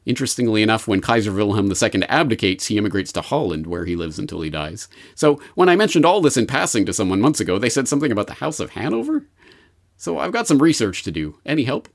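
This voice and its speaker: Animated sarcastic male podcast host. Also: lowish voice, fast, vocal fry. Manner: sardonic, mock-posh asides. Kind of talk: solo podcast commentary.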